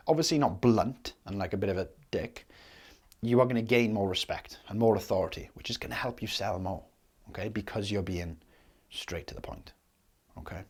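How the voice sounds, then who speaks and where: Man, sales coach, lowish voice, direct, casual teaching, keeps asking "okay?". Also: slightly rough. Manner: direct, punctuates points with "okay?" and "right?".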